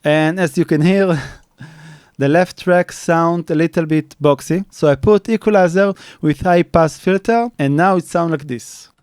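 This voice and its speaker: Man explaining a drum mix, halting. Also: on the high side, music in the background. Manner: plain, step-by-step, with halting restarts and fillers. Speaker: mixing engineer. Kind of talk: studio tutorial walkthrough. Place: recording studio. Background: faint drum playback.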